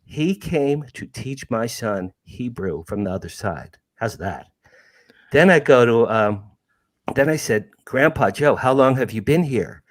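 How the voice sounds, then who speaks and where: A man's voice: mid-range voice, expressive, a little slow. A man in his sixties telling a personal ghost story with emphasis, repeating key phrases and calling his listeners "you guys.". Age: 60s. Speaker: guest storyteller, network host.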